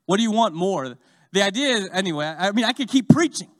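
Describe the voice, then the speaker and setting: A man preaching a sermon, swinging from loud, fast urging to slow, hushed lines. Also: high voice, expressive.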